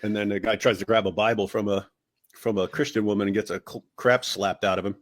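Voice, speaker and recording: A man's voice: fairly low pitch, fairly even intonation, quick pace. A man co-hosting a casual livestream, telling anecdotes with teasing humor and mocking quoted voices. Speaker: co-host. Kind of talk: casual chat, storytelling.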